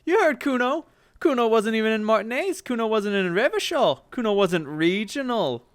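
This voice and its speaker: A bratty twelve-year-old boy, as a woman puts him on, all swagger and bluster, pitched up high and swinging wildly up and down. He snarls at everyone and calls himself by his own name. It sounds like a game let's-play. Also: expressive, normal speed, lightly acted. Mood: defiant. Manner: aggressive, swaggering, refers to himself in third person.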